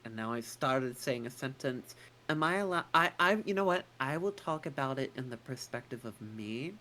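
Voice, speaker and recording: A woman's voice: a bass voice, expressive, normal speed, pushed and bright. A woman co-hosting a casual chat, rambling and swearing casually, with a put-on American accent. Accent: non-native English put-on American. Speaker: co-host.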